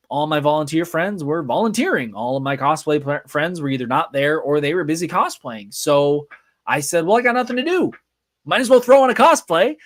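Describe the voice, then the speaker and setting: A man's voice: on the high side, no room sound, clean studio sound. A man hosting a live podcast, telling a rambling, chatty story with lots of fillers. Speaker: podcast host. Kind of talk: casual live podcast monologue. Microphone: podcast mic.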